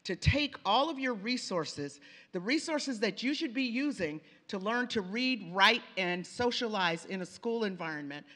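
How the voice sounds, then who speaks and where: A woman's voice: medium pitch, lively intonation, measured pace, fairly bright tone. A woman from the Pacific Northwest giving a conversational presentation, telling stories and turning to the audience with asides. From Pacific Northwest of the United States. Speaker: lecturer on language and reading. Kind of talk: conference presentation. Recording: reverberant lecture hall.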